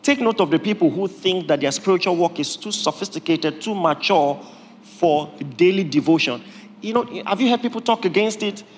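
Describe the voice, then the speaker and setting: High-voiced pastor preaching with humor. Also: male voice, normal speed, a little hiss or hum. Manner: humorous, animated preaching with laughter. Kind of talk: sermon. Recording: long reverb of a hall, faint ambience.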